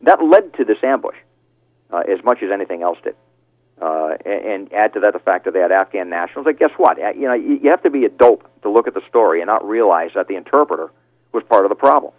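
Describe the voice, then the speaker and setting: A man's voice: fairly low pitch, expressive, quick pace, no echo. A middle-aged man speaking as a guest on a radio show, talking with passion and indignation, with many fillers and restarts. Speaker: call-in guest, father of a fallen Marine. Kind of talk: heated phone interview. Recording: tinny phone line.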